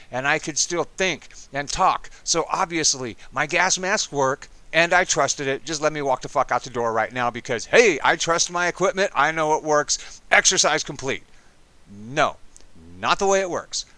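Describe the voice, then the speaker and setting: A man in his fifties, an Army veteran, telling a personal story in a casual, animated and profane way. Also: a little high, no echo. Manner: animated, profane, dramatic retelling.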